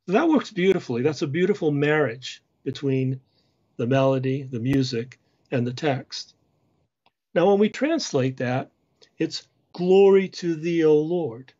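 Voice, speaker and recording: A man giving a lecture on church music, measured and explanatory, singing short chant phrases as examples. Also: fairly high pitch, a little mellow, husky, muffled recording.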